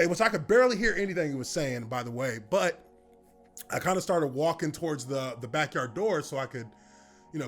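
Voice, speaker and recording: A man in his thirties telling a personal story in casual talk, relaxed and rambling with lots of fillers. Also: a little high. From United States. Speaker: former football player telling his story.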